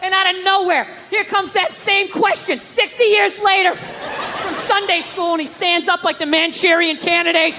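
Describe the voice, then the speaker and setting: A man doing a stand-up comedy set, profane and animated, slipping into mocking voices. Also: very high-pitched, moderate pace, very noisy. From United States. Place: large hall before a live audience. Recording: live stage recording in a reverberant hall with crowd.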